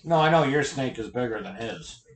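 Casting: male host, blunt, crude humor, mid-pitched, echoey room. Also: animated, fairly quick, faint music behind. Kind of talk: casual chat.

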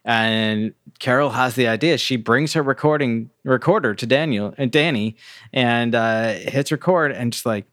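A man's voice: medium pitch, moderate pace, no echo, studio quality. Laid-back male podcast co-host. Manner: relaxed storytelling with filler words. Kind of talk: casual movie review chat.

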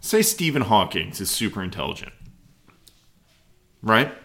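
A man co-hosting a casual podcast, joking around and doing quick silly voices. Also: fairly low pitch, big pitch swings, sharp tone. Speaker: podcast co-host. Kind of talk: casual banter.

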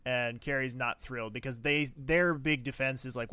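A man's voice: mid-range voice, normal speed, smooth, no room sound. Chatty man with a dry close voice. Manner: animated, chatty, laughs easily. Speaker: podcast host. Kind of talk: casual TV episode recap.

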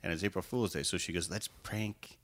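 A man's voice: low voice, racing, fairly bright tone. A man telling a funny story in casual chat, laughing as he goes and mimicking the people in it. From Chicago area. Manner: laughs through his stories, mimics voices.

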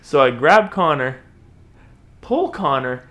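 Animated young man telling a story. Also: on the high side, slow pace. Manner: animated, laughing, acts out voices in quotes. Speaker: podcast host. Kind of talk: casual storytelling chat.

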